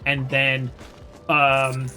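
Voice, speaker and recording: A streamer giving casual, rambling commentary while playing, self-deprecating and quick to laugh. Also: mid-range voice, monotone, sharp tone, soft background music. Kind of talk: casual livestream gameplay commentary.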